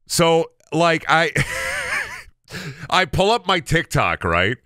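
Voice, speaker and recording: A man's voice: on the high side, very animated, very slow, bright, forceful tone, no room sound, studio quality. A man in his thirties chatting casually on a gaming stream, telling rambling stories full of stammers, restarts and bursts of laughter. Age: 30s.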